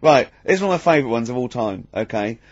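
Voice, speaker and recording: A man's voice: medium pitch, fast talker, slightly rough, no echo. Dry, close storytelling man. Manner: animated storyteller, laughs a lot, explaining. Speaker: radio show co-host. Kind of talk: casual studio banter. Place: radio studio. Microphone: studio microphone. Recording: dry, muffled lo-fi sound.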